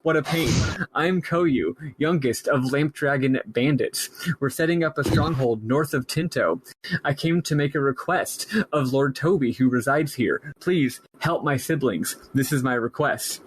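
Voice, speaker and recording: A man's voice: medium pitch, measured pace, husky, dry recording, low-quality recording. A man voicing a young male bandit who talks in a scattered, forgetful way. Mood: flustered.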